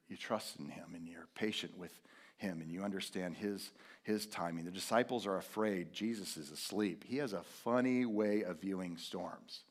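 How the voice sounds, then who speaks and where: Middle-aged male pastor, animated sermon delivery, drops to a hush then bursts loud. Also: fairly low pitch. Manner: animated storytelling, swings from hushed to loud. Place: church sanctuary.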